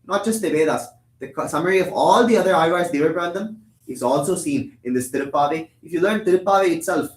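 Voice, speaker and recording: Fast-talking young man giving a temple discourse. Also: fairly high pitch. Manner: explanatory, asks and answers his own questions; chants Tamil verses quickly. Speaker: temple lecturer. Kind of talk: religious discourse. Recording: echoey room.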